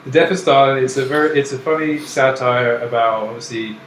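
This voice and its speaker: A man from Canada co-hosts a loose chat and keeps breaking into laughter as he rambles, his thoughts tumbling out in restarts. His voice sits at an ordinary middle pitch, and it carries a roomy echo with faint noise underneath. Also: level tone, a little fast, a bit bright. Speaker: podcast co-host. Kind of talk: casual chat.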